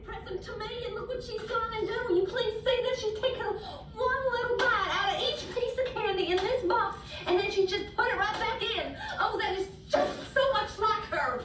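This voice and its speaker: An actress playing a fretful, exasperated Southern sister in a film scene, with a Southern US accent and a high voice breathy with laughter. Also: female voice, moderate pace, background noise. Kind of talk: film drama acting. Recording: roomy distant film soundtrack.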